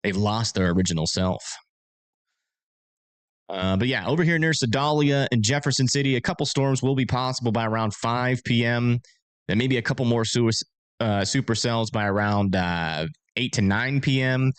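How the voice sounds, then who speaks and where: A man's voice: medium pitch, normal speed, clear, resonant tone, no echo. A man hosting a casual livestream, chatting with viewers and talking through storm forecasts in a rambling, filler-heavy way.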